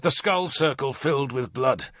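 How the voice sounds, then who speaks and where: A man's voice: medium pitch, normal speed, a bit bright, dry recording, studio quality. A man narrating an audiobook in a dramatic, intense storytelling manner.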